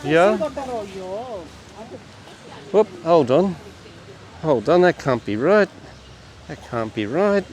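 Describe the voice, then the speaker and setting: A man's voice: a little high, very animated, slow, long pauses, a little mellow. Wry man walking outdoors. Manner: wry, chatty asides to the camera. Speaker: vlogger on a walking tour. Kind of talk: casual walking commentary. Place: outdoors on a beachfront street.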